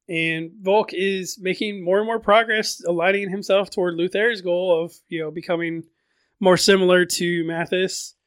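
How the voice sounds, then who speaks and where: A man's voice: high-pitched, fairly bright tone, no echo. A man casually recapping a fantasy book on his podcast, chatty, often repeating words and adding fillers.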